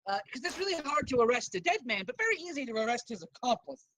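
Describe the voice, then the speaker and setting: Brief: woman as a sneaky little thief boss, higher voice, lots of swing. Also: big pitch swings, quick pace, fairly bright tone, no echo, full character voice, poor audio. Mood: wheedling. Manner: wheedling, hesitant, conspiratorial. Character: sly tiny male thief guildmaster.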